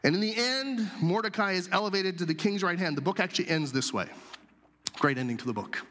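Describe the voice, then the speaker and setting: A man telling a scripture story as a sermon, animated and acting out the characters' lines. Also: sits high, quick pace. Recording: long hall reverb.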